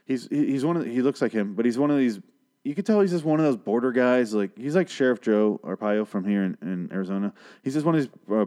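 A man's voice: fairly low pitch, a little mellow. A man hosting a casual talk show, rambling and swearing heavily as he recaps an episode and interrupts his own sentences. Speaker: podcast host recapping a TV episode. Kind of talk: casual profane chat.

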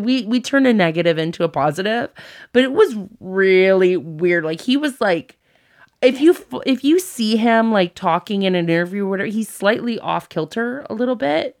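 A woman's voice: medium pitch, brisk. A woman in her thirties, a former TV presenter, telling a story in casual chat, laughing often and acting out what people said. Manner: animated, laughs often, acts out quotes.

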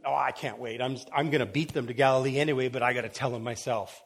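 A joyful risen Jesus who stretches his words for emphasis, as acted by a man preaching a sermon. He sounds a little raised and keen. His talk turns to quick, happy chatter. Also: medium pitch, natural voice. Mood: excited. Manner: emphatic, drawn-out commands, then excited chatter.

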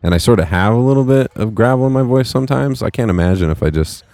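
A man's voice: medium pitch, animated, quick pace, a little mellow, no room sound. A man in his thirties co-hosting a podcast, chatting loosely and cussing freely. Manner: loose, profane, rambling. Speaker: podcast co-host. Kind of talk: casual chat. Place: local market at an art college.

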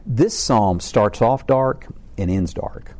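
A man's voice: fairly low pitch, animated, slow pace, warm tone. A middle-aged man giving an informal faith talk about family struggles, earnest and rambling, with many restarts and repeated words.

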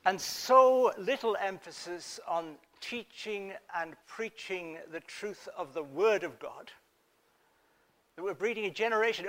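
A man preaching a sermon in an earnest manner, dropping to a hush and then rising to emphatic points. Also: sits high. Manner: earnest, swings from hushed to emphatic.

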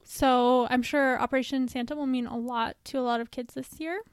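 A young woman with a high, bright-pitched voice reads children's holiday letters aloud on a casual podcast, breaking into giggles and soft asides. Her voice is close and dry, with no room around it. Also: fairly even intonation, fairly quick, clean tone, no echo. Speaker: podcast co-host.

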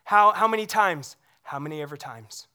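Pastor, sermon delivery: bright, forceful tone, conversational, animated when retelling scripture. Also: mid-range voice, normal speed, smooth. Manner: conversational, checks in with the congregation using rhetorical questions.

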